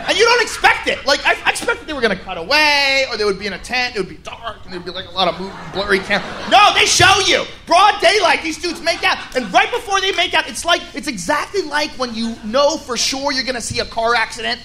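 A man doing stand-up comedy, blunt and profane, building up to shouting. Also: extremely high pitch, big pitch swings, a little fast, hardly any pauses. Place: live comedy venue with laughing audience. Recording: live stage recording with crowd noise.

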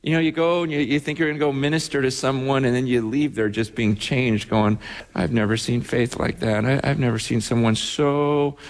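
A man, a pastor, giving a sermon, telling a story with many restarts and animated asides. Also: medium pitch, normal speed, long reverb tail.

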